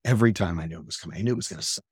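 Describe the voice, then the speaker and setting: A man's voice: low-pitched, racing, slightly rough, dry recording. Intense, profane man in a dry room. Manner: rises to loud ranting. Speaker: podcast host. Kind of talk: motivational monologue.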